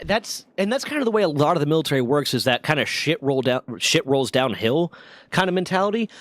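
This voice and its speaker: A man co-hosting a gaming stream, telling candid, profane stories in casual chat with lively swings in his delivery. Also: on the high side, dry recording, studio quality. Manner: candid, profane, animated storyteller.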